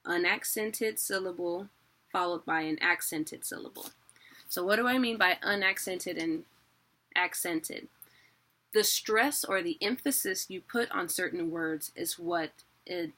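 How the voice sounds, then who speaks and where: Woman teacher, casual self-correcting delivery, unhurried, bright timbre. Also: on the low side. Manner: chatty, self-correcting, laughs at own mistakes. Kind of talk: casual video lesson.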